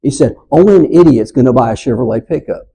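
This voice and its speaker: A man in his sixties teaching a church Bible class, telling stories and getting loud and animated when he acts out quotes. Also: medium pitch, quick pace, vocal fry, husky, low-quality recording. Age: 60s.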